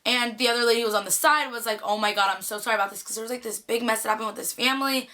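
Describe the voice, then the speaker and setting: A young woman from the Bay Area telling a casual storytime vlog, chatty and animated, full of "like" fillers. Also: fairly high pitch, racing. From Bay Area, California. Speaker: vlogger.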